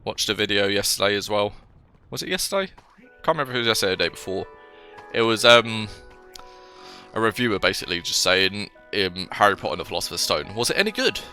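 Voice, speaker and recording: A man's voice: fairly low pitch, lively intonation, fast, sharp tone, faint music behind. A young man with a cold, rambling casually as he plays a video game and talks to the game as he goes. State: slightly ill, coughing. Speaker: gaming channel host. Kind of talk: casual let's-play commentary.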